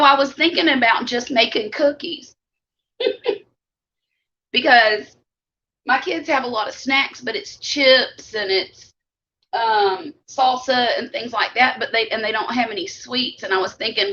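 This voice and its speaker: A woman's voice: on the high side, sharp tone. A middle-aged woman with a Southern US accent, chatting casually with viewers on a live stream while she eats. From Mississippi Gulf Coast. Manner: chatty, homey, talks while eating. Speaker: vlog host. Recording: dull lo-fi live stream audio.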